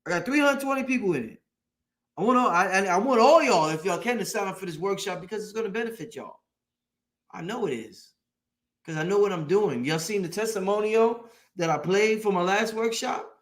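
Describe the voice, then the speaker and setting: On his late-night live-stream show, a man with a high, slightly bright voice preaches motivation at a brisk, animated clip. He repeats himself for emphasis and swears without much care.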